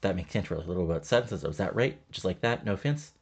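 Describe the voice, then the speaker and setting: Low, gravelly man reading game promos. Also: fast talker. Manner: reads the scripted promos aloud in a flat, low murmur. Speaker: game commentator. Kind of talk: casual commentary reading out wrestling promos.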